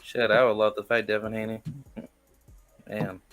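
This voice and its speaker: A man's voice: fairly low pitch, monotone, moderate pace, a bit bright, dry recording. A man chiming in briefly during a casual chat. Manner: brief agreeing interjections.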